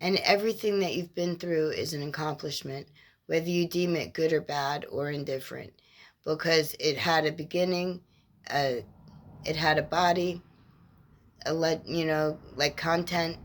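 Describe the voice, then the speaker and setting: A woman speaking as a spiritual mentor in an inspirational monologue, gentle and reassuring, with measured, drawn-out phrasing. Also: low-pitched. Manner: slow, measured, drawn-out phrasing with lists of words.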